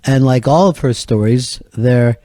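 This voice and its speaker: Middle-aged male radio host, warm low-bright tone, mocking and profane, dry. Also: a little slow, no echo. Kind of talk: comedy radio talk.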